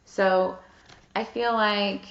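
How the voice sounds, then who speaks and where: A woman's voice: medium pitch, fairly even intonation, extremely slow. A woman giving a casual tarot reading who swears freely, reads card texts aloud and fills her talk with "like" and "um". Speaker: tarot reader. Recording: echoey room, dull lo-fi sound.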